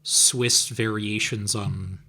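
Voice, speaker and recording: A man's voice: lowish voice, fairly even intonation, drawn-out words, bright, forceful tone. A man co-hosting a podcast, rambling casually with many fillers. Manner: rambling, lots of "like" and "um". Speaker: podcast co-host. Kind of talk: casual chat.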